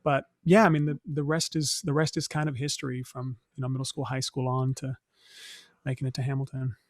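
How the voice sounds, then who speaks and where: A young man from Northern California, a stage actor as interview guest, telling stories in a reflective, soft-spoken way with many fillers and restarts. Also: medium pitch, little pitch movement, a little fast, dry recording, studio quality. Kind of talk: casual interview storytelling.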